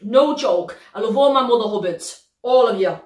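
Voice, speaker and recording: Lively British woman reacting in a roomy space. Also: fairly high pitch. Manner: slangy, animated, quick to laugh. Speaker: reaction video host. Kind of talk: excitable casual reaction commentary.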